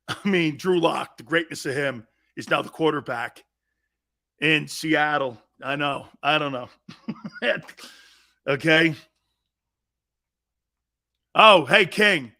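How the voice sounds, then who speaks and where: A man's voice: on the high side, sharp tone. A man hosting a sports talk show in a blunt, profane, mocking monologue, laughing often.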